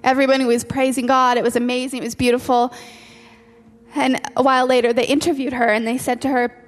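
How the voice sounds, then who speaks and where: A woman's voice: sits high, flat delivery, quick pace. A woman preacher delivering an earnest sermon, repeating key phrases for emphasis. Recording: long hall reverb with faint music.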